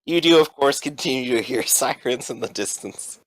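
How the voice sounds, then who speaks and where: A man's voice: medium pitch, lively intonation, moderate pace, a bit bright, dry recording, poor audio. A man running a tabletop role-playing game as game master, describing the action in a loose way with many fillers.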